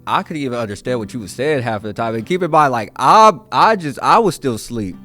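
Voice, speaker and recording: A man's voice: medium pitch, sing-song, fast, bright, forceful tone, faint music behind. A man, a teacher hosting a podcast, talks with a student in an earnest, encouraging and casual way, full of fillers and slang. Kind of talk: earnest conversational interview.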